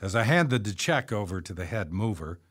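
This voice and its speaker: A man narrating his memoir in a measured, reflective storytelling manner. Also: fairly low pitch, big pitch swings, a bit bright.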